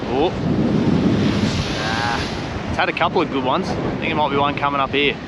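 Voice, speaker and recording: A young Australian man vlogging his travels outdoors, casual, slangy and often excited. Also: mid-range voice, moderate pace. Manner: laid-back, slangy, excitable. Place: outdoors on a windy coast. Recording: outdoor recording with wind noise.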